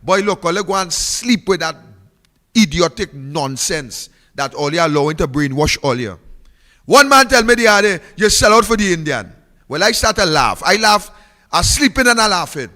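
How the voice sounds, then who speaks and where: A man's voice: high voice, lively intonation, normal speed, bright, forceful tone, in a large hall. A Trinidadian man giving a fiery, mocking political speech, repeating phrases for emphasis.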